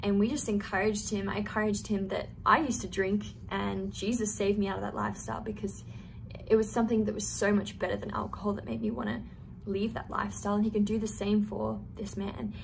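A woman's voice: mid-range voice, flat delivery, fairly quick, creaky, slight background noise. A young woman telling a personal faith testimony in an earnest, storytelling way, with casual fillers. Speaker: youth testimony speaker.

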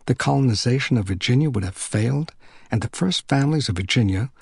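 A man narrating an audiobook in an even, unhurried storytelling manner. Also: mid-range voice, creaky, breathy edge, dry recording, studio quality.

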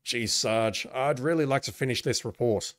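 A man's voice: mid-range voice, normal speed, lightly acted. A mildly annoyed male cop, read by a man. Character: mild, distracted male police officer.

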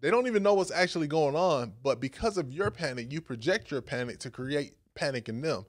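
A frantic young man shouts in a shrill, strained pitch, as a preacher puts him on. The voice jumps high and loud, full of alarm, and the whole sketch is played for the congregation. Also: lively intonation, brisk. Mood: panicked.

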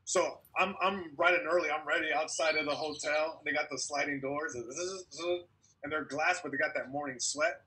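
Animated young man telling a story on a video call. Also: on the high side, normal speed, slightly rough. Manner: animated storyteller, acts out quotes, laughs. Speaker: comedian guest. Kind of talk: casual storytelling on a podcast call.

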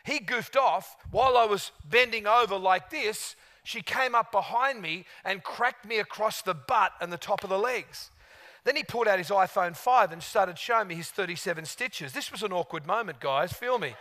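Male preacher, animated storyteller, bright, ringing, high-pitched voice. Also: normal speed. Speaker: guest preacher. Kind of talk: sermon with storytelling.

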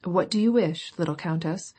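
A woman's voice: on the low side, normal speed, mellow, breathy edge. A woman reading an audiobook voicing a jovial, blustering old count. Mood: hearty. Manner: hearty, blustering. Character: jovial grey-haired old count, indulgent husband.

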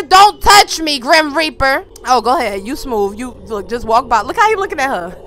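A young woman hosts a let's play video and fills it with loud, playful trash talk and slang. Her voice sits very high and swings all over as she talks. It has a bright, sharp edge to it. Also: expressive, moderate pace, few pauses. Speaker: gaming video host.

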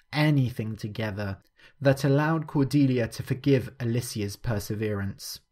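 A man narrating a scripted story clearly and steadily for language learners. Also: medium pitch, a little mellow.

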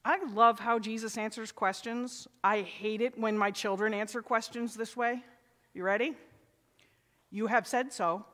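A man's voice: sits high, steady tone, moderate pace, bright, forceful tone. A middle-aged male pastor preaching a sermon in a church sanctuary, talking conversationally and asking the congregation questions. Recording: long church reverb.

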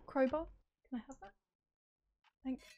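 A woman's voice: high voice, a little slow, highs cut off. A woman commentating her own horror game playthrough, talking to herself, swearing and screaming when startled. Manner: jumpy, talks to herself, swears and screams at scares. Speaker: gaming streamer.

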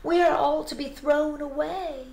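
A woman's voice: sits high, fairly even intonation, measured pace, creaky, darkish tone, reverberant, pitched above the performer's own voice. A woman voicing a sad, sighing wind-up toy mouse in a storybook reading. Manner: sighing, sorrowful.

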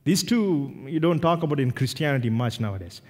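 A man from India, a pastor preaching a sermon, animated and acting out little dialogues with self-deprecating humor. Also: mid-range voice, a little fast. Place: church sanctuary. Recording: reverberant church hall.

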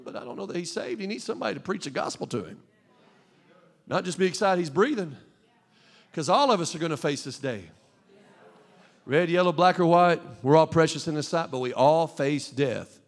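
A male pastor preaching a fervent sermon in a church, at times rising to shouts. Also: sits high. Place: church sanctuary. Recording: long hall reverb.

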